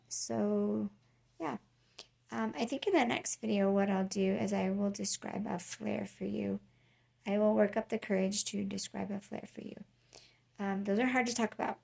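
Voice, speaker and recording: Gravelly-voiced woman vlogging, halting and earnest. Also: mid-range voice, dark tone. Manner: halting, many ums and restarts, earnest. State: tired, unwell. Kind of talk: casual personal vlog.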